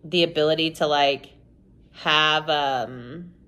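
A young woman vlogger with a fairly low voice chats casually to the camera. She rambles openly and swears now and then, leaning on "like" and "you know" as she talks. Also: takes it slowly, sharp tone. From United States. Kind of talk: casual confessional chat to camera.

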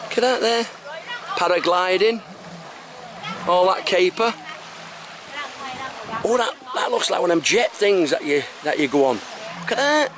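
An Englishman with an English accent chatting enthusiastically while filming a handheld travel vlog outdoors. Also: high voice. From England. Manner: chatty, enthusiastic, keeps saying fantastic. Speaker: travel vlogger. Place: outdoors on a tropical island, beaches and roadside. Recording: noisy outdoor camera audio.

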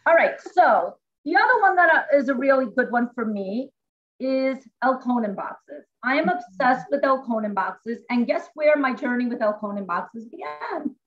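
A woman's voice: high-pitched, expressive, normal speed, dull audio. A woman teacher at home, chatting animatedly as she demonstrates a classroom reading method step by step over a video call.

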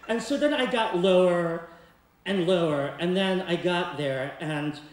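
A man's voice: sits high, unhurried, a little hiss or hum. A man telling a comic, theatrical personal story on stage, now and then breaking into song. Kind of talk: live storytelling performance. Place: community center stage before a laughing audience. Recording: echoey hall, distant mic.

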